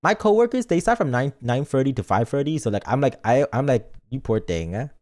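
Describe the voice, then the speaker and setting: A man's voice: medium pitch, big pitch swings, fast, darkish tone. A man streaming and chatting casually in a playful, rambling way, reading chat messages aloud. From lives in Britain, not British.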